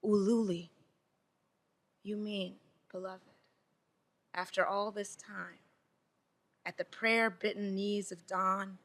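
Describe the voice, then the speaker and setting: A woman reads her poetry aloud in a clear, bright voice. She speaks into a microphone, with a rhythmic, repeating cadence. Her lines hold a gentle, lyrical pull. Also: mid-range voice. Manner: rhythmic, repetitive recitation; casual, rambling asides. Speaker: poet. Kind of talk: poetry reading.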